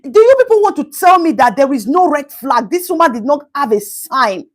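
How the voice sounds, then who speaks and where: A woman's voice: sits high, moderate pace. A woman hosting a casual live stream, commenting on a news story and greeting viewers by name. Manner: animated, greets viewers by name, Pidgin asides.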